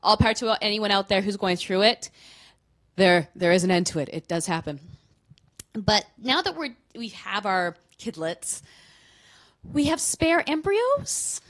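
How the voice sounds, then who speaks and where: Lively woman doing stand-up. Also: medium pitch. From Canada. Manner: candid, self-mocking storytelling with quick punchlines. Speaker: stand-up comedian. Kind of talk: stand-up comedy set.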